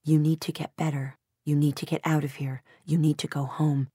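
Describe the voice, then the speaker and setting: A woman reading the lines of a calm, steady husband in an audiobook, soothing and terse. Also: low voice, normal speed, slightly rough, no echo, studio quality. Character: calm steady husband, middle-aged man. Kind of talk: audiobook dialogue.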